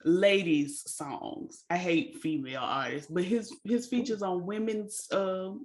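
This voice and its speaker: A woman's voice: fairly low pitch, unhurried. A young adult woman co-hosting a casual chat, telling stories with lots of laughter and calling people honey. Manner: animated storyteller, laughs often, says "honey". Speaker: co-host.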